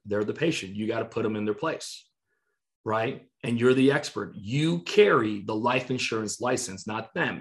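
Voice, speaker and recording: Gravelly-voiced man teaching sales. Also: mid-range voice. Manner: conversational, acts out client calls, frequent "right?" and "you know". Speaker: insurance sales trainer. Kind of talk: casual training talk to a live online audience.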